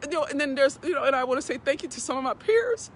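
Her high voice has lively intonation and a quick pace as she hosts a casual talk to camera on a morning walk, phone in hand. She's emotional and heartfelt, repeating words to steady herself, with slight background noise.

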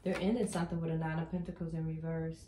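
A woman's voice: low-pitched, little pitch movement, fast talker, mellow, roomy sound, a little hiss or hum. A woman giving a casual tarot card reading. She talks emphatically and keeps repeating her points with chatty affirmations. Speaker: tarot reader.

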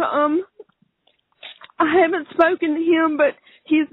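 A distraught woman weeps and pleads frantically, praying out loud. Her voice sits very high. It comes over a dry, tinny phone line on speaker. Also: fairly even intonation, measured pace, dry recording. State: crying, distraught. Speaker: 911 caller, aunt of missing man.

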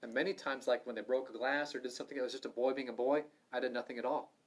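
A man's voice: mid-range voice, fairly even intonation, racing. Earnest middle-aged man teaching scripture. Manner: earnest, swings from loud urging to soft asides. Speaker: Bible study teacher. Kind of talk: Bible study teaching. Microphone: livestream microphone.

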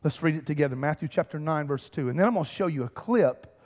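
A man, preaching a lively, conversational sermon with humor and calls to the congregation. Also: fairly high pitch, fast talker. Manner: animated, conversational preaching with humor and audience call-outs. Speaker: pastor. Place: church sanctuary. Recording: church hall reverb.

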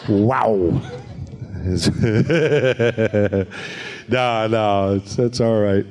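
A jokey New man talking on a convention stage, his voice sitting low and easy. He is a voice actor chatting with fans, quick with a gag and ready to slip into a voice. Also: a crowd in the background. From New Jersey. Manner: jokey, slips into character voices. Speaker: voice actor panel guest.

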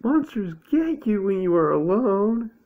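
A man voicing a high-strung, snappish owl in a shrill, irritable voice. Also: big pitch swings, moderate pace, gravelly, husky, full character voice. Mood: panicked. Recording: tinny phone-like sound.

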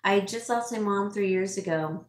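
A woman's voice: mid-range voice, moderate pace. A middle-aged woman vlogger chatting with her viewers, emotional and teary, with frequent fillers and laughs. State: teary, sniffling. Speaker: home stager and vlogger. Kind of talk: casual chat reading viewer comments. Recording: echoey room.

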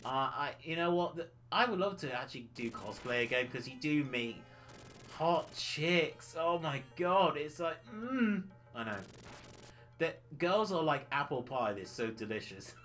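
A man's voice: on the high side, animated, unhurried, fairly bright tone, faint music behind. A man streaming a retro game, rambling cheekily and laughing often. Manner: giggly, rambling, cheeky banter with frequent laughs. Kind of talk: casual livestream chat while playing.

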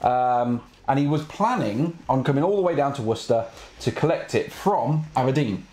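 A man's voice: mid-range voice, expressive, moderate pace, over a noisy crowd. A man hosting a live prize draw in casual chat, rambling with lots of fillers and restarts. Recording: echoey room with faint noise.

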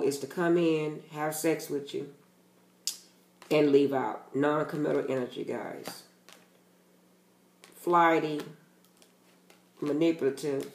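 A man's voice: on the high side, reverberant. A man giving a casual tarot reading to his channel's viewers, talking bluntly and emphatically and swearing freely. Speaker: tarot reader.

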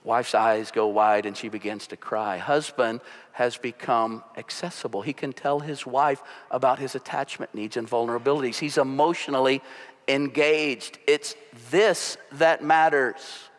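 A man preaching a sermon as pastor, telling stories with animated delivery. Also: medium pitch, unhurried. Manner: storytelling, animated. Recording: long hall reverb.

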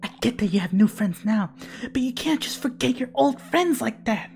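A woman's voice: a little high, expressive, moderate pace, vocal fry, darkish tone, pitched above the performer's own voice. A woman reading game dialogue aloud, voicing an earnest, outspoken teenage boy in an indignant, pleading way.

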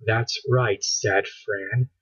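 A man voicing a determined, bossy girl scientist, close to his own husky voice, on a dull lo-fi recording. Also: on the low side, fairly even intonation, a bit bright, exaggerated voice. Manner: brisk, matter-of-fact, near his own voice.

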